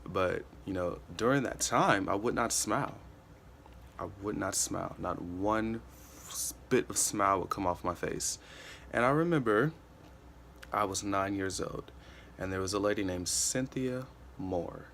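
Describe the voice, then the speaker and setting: A man's voice: fairly low pitch, a little slow, a bit bright, slight background noise. A man in his twenties giving an earnest, casual motivational talk, often repeating himself and saying "you know.". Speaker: motivational vlogger.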